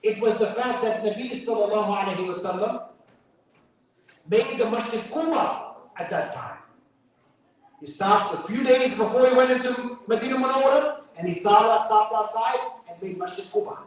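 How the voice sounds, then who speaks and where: Recorded from far away in an echoey hall with slight background noise, a man with a high voice and a New York accent talks at normal speed. He's the guest speaker at a mosque fundraiser, delivering a sermon that's conversational and joking, sprinkled with Arabic quotations.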